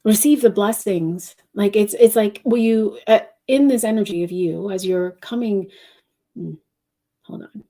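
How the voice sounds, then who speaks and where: A woman giving an intuitive live-stream reading, speaking softly and directly to viewers, wandering between thoughts. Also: mid-range voice, a little slow. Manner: reads out viewer questions. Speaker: intuitive reader and channeler.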